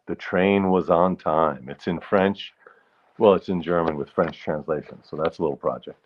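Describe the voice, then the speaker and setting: Man, very low voice, casual livestream host, rambling and punning, clears throat a lot, muffled lo-fi sound. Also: expressive, normal speed. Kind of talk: casual solo livestream chat.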